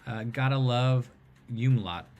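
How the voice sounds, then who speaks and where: A man hosting a casual livestream chat, rambling and animated as he tells stories. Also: medium pitch, slow, faint music behind. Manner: rambling, animated storyteller who mimics voices.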